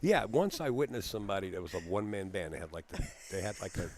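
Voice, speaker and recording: A man's voice: deep voice, sing-song, fast, background noise. A man giving live pool commentary from a booth, laughing and joking with his co-host in a folksy way. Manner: jokey, laughs often, folksy.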